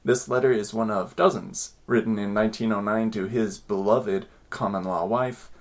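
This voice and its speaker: A man hosting a podcast who talks in a quick, rambling way. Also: fairly low pitch, steady tone. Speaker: podcast host. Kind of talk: casual podcast chat.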